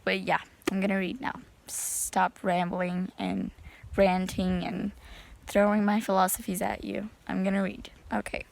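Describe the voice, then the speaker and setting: Young woman vlogging about books, slow rambly chat, lots of vocal fry. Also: mid-range voice, steady tone, slight background noise. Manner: rambling, chatty, says "you know" a lot. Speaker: book vlogger. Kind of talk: casual chat.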